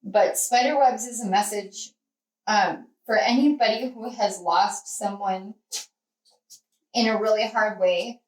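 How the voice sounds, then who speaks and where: A woman's voice: medium pitch, unhurried. A woman giving a spiritual tarot reading, rambling and heartfelt with many fillers, speaking from a distance from the mic. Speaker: tarot reader. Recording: roomy, from off-mic.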